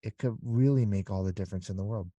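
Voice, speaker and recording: A man's voice: fairly low pitch, fast, mellow, no room sound, dull audio. A middle-aged man talking as an interview guest in a casual conversation, earnest and rambling with many restarts.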